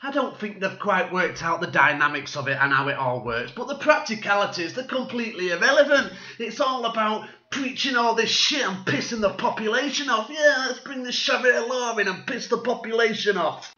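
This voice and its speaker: A man's voice: high voice, lively intonation, normal speed, hardly any pauses, bright, forceful tone. A man delivering a sarcastic, swearing satirical rant. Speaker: vlogger. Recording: echoey room, dull lo-fi sound.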